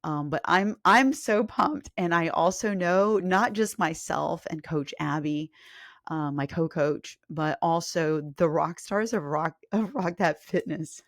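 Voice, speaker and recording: An excited woman fitness coach talks on her podcast in a slightly low voice, gushing and emotional, circling back with restarts. The sound is dry and close, with no room echo. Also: slow. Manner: enthusiastic, emotional, rambling with restarts. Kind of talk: casual podcast monologue.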